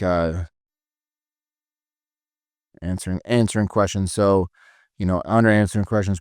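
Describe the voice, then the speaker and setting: A male sales coach with a low voice talks through his lesson loosely and conversationally, full of fillers. The recording is close and dry. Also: a little mellow, clear, resonant tone, dry recording. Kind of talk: casual teaching talk.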